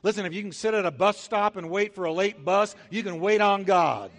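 A man preaching from the pulpit in a high, bright-edged voice, swinging from near-whispers to loud bursts and acting out everyday scenes in playful voices. His words ring out through a long hall echo in the church sanctuary. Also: fairly quick. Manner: emphatic preaching with sudden loud and soft swings; acts out little scenes with comic voices. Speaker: pastor. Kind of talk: sermon.

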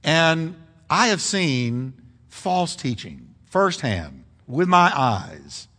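A middle-aged male pastor preaching a sermon in a church, animated and asking the congregation questions. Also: a little high, very slow, in a large hall. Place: church sanctuary.

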